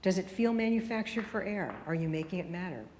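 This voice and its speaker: A woman's voice: on the low side, expressive, a little mellow, a little hiss or hum. Emphatic woman questioning a conference hall. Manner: emphatic, rapid-fire rhetorical questions. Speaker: radio consultant giving a keynote. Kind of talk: conference keynote. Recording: hall reverb with faint room ambience.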